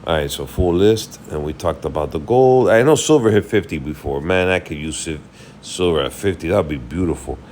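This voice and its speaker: A man's voice: low voice, fairly quick, a little mellow, a little hiss or hum. A tired man rambling casually through a market recap, thinking aloud while he checks charts. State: tired, yawning. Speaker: market commentary host.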